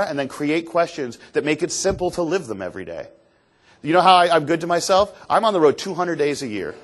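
A man from Canada telling an animated, self-deprecating story as a motivational speaker on stage. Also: on the high side. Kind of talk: storytelling keynote talk on stage. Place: stage before an audience.

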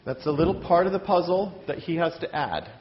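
A man's voice: on the high side, brisk, heavy background noise. Man teaching opera in a hall. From Iowa, US Midwest. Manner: chatty, self-deprecating, talks with his hands. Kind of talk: lecture-demonstration. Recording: dull, hall reverb.

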